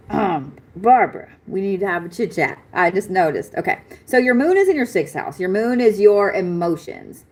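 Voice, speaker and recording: A woman giving a live-stream astrology reading in a chatty, excitable way, swearing casually. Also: medium pitch, normal speed, hardly any pauses. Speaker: astrology reader.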